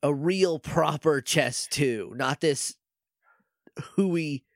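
A man's voice: fairly high pitch, extremely slow, dry recording, studio quality. A man co-hosting a podcast, chatting casually and playfully recapping an episode, often laughing and acting out the characters' lines. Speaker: podcast co-host.

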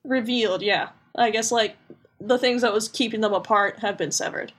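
A young woman co-hosting a casual podcast, chatty and quick to laugh. Her voice sits somewhat higher than most women's. She tells her recaps in a loose, playful way. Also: steady tone, fairly bright tone. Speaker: podcast co-host. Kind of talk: casual chat.

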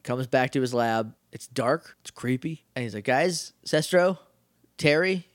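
A man's voice: mid-range voice, steady tone, moderate pace, no room sound, studio quality. A man co-hosting a casual chat, recapping a TV episode and acting out characters' lines. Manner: jokey, acts out characters mid-recap. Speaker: podcast co-host.

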